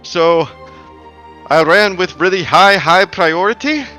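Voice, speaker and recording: A man's voice: sits high, slow pace, sharp tone, soft background music, pitched above the performer's own voice, exaggerated voice. A man doing a breathless eager messenger lad. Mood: earnest. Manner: fussy, rambling, over-explains.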